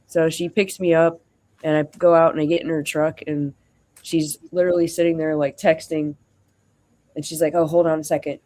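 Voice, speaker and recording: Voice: mid-range voice, level tone, moderate pace, a little mellow. A streamer venting in a rambling, casual story, acting out both sides of a conversation between frequent fillers. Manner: rambling, acts out quoted dialogue, frequent fillers.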